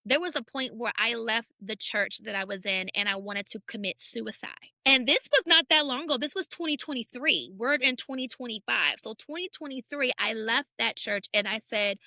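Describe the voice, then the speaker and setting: A woman with a high, bright voice tells her story as a podcast guest. She speaks earnestly and circles back on key phrases for weight. The sound is close and dry. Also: normal speed, hardly any pauses, no echo. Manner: earnest, repeats phrases for emphasis. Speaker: podcast guest, church builder. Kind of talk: candid personal testimony in conversation.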